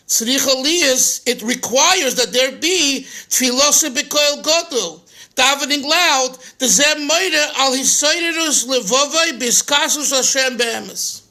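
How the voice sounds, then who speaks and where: A man's voice: very high-pitched, sharp tone. A man, a rabbi, teaching a Torah class, translating phrases line by line with restarts and chuckles.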